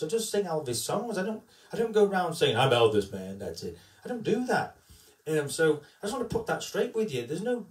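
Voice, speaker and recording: A man's voice: sits high, darkish tone. A man who works as a tribute singer, chatting casually on a live stream as a storyteller who tags his lines with "right?". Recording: echoey room, distant mic.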